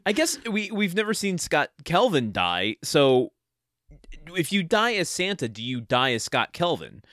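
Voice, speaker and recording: A man's voice: a little high, sing-song, measured pace, a bit bright, no room sound. A man co-hosting a casual movie podcast, hesitant and dry-humored. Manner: hesitant, dry jokes, frequent laughs. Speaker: podcast co-host. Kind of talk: casual movie-review chat.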